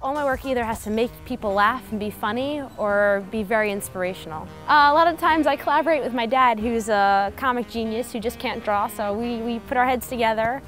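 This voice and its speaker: A woman's voice: fairly high pitch, a little fast, hardly any pauses, a bit bright, faint music behind. A young adult woman cartoonist speaking in an interview, upbeat and earnest.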